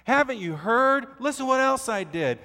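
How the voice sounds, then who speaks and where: Pleading servant, male, anxious and insistent, put on by a preacher; high, loud, reverberant hall. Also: animated, moderate pace, full character voice.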